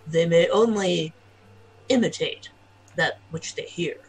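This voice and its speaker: Kenku parroting a measured old scholar, a woman acting it, slow and grave. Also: fairly low pitch, husky, pitched below the performer's own voice, poor audio. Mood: solemn.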